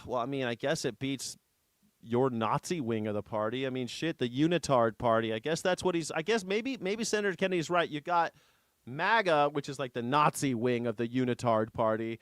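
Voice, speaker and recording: A man's voice: mid-range voice, lively intonation, moderate pace, a bit bright, no echo. A man hosting a news reaction show, commenting casually in an irreverent, sarcastic way with some swearing. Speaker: host.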